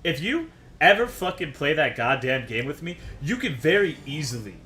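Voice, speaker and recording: A man's voice: fairly high pitch, sing-song, normal speed, sharp tone. A man streaming a game, ranting to his chat in a worked-up, profane way. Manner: profane, worked-up, swears constantly.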